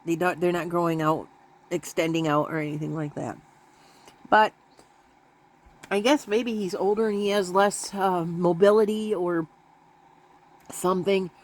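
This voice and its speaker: A woman's voice: steady tone, a little slow, long pauses. Woman, casual, rambling, laughing, baby voice for pets. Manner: rambling, talks to her pets in a high baby voice; laughs often. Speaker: vlogger. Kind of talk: casual chat to camera.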